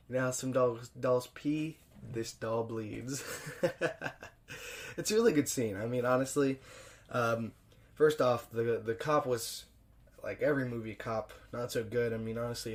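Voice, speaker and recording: A young man hosting a podcast, reviewing a film alone in a loose, profane, chuckling way and jumping louder for emphasis. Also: mid-range voice. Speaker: podcast host. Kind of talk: casual solo film review.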